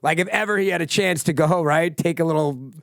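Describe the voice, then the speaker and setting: Gravelly man with a dry, close sound. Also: on the high side, brisk, no room sound. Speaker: podcast co-host. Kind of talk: casual chat.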